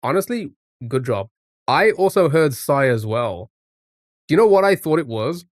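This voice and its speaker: A man's voice: fairly high pitch, big pitch swings, normal speed, no echo, clean studio sound. A man live streaming a music guessing game, chatting casually and reacting to his chat as he plays.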